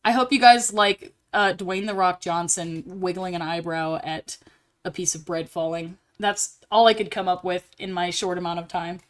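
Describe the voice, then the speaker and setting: A young woman streaming live while drawing, chatting casually and getting bubbly and squealy when excited. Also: lowish voice, normal speed.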